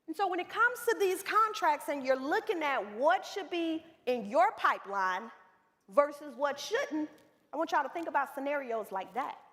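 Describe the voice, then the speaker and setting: A high-voiced woman coaching a live audience on business, her pitch leaping up and down as she tells stories and talks straight to the crowd. Her voice carries a long reverb from a large hall. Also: normal speed. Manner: animated storytelling, addresses the room directly. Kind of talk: seminar talk to a live audience.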